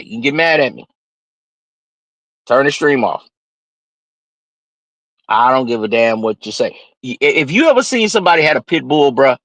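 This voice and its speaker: A man's voice: mid-range voice, no echo, low-quality recording. A man with a slightly nasal voice, hosting a livestream and ranting unscripted in a brash, preachy way. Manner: brash, preachy, swings from loud to muttered asides. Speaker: livestream host.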